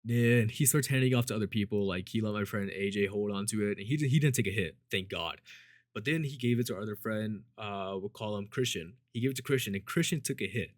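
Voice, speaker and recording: Lower-voiced guy telling a rowdy story. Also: fast talker, no echo, clean studio sound. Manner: rambling, swears a lot, fillers like "like" and "you know"; acts out quoted people with shifts in pitch and loudness. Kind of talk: casual storytime.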